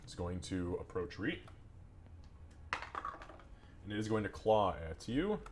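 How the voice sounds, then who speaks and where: A man with a somewhat low voice runs a tabletop game as game master. He narrates the combat loosely and casually, swearing freely as he goes. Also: big pitch swings, slow pace, noisy background.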